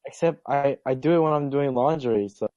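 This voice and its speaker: A man's voice: medium pitch, fairly quick, dark tone, lo-fi sound. A young male college freshman, a podcast guest who answers briefly and shyly. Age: young adult. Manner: shy, brief replies. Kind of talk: casual chat.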